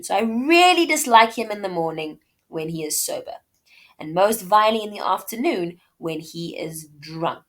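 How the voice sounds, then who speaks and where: A woman's voice: mid-range voice, lively intonation, normal speed, a bit bright. A woman teaching a classic play, reading each quoted line aloud and then unpacking it in plain words. She leans into the quotes with extra emphasis and keeps checking in with "okay?" and "right?". Her voice sits in a middling range for a woman. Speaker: literature teacher.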